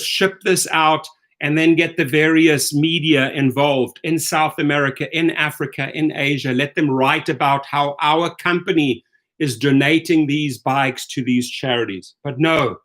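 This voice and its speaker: A man's voice: on the high side, a bit bright. A middle-aged man hosting rideshare commentary, ranting angrily with profanity and repeated rhetorical questions.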